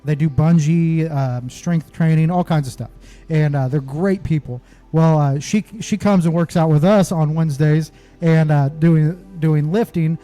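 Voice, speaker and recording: A man's voice: a little high, fairly even intonation, measured pace, warm tone, faint music behind. A man, co-hosting a podcast in a rambling casual way with many restarts. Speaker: podcast co-host.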